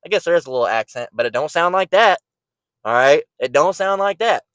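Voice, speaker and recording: A man's voice: on the high side, animated, a little fast, fairly bright tone, clean tone, no echo. Blunt, fired-up preaching man. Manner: blunt, profane, repeats words when fired up. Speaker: online preacher. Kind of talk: informal preaching rant.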